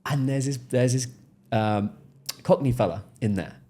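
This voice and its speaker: An English man, a podcast guest, telling stories in a relaxed interview and acting out the people in them. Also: mid-range voice, moderate pace. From England. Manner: animated storyteller, acts out quoted voices. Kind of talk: casual interview storytelling.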